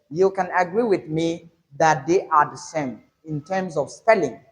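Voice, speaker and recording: A man delivers a pronunciation lesson as an English teacher, in a fairly high voice. He speaks slowly and deliberately, stressing each example word as he explains. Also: poor audio. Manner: slow, deliberate explanation with emphasized example words.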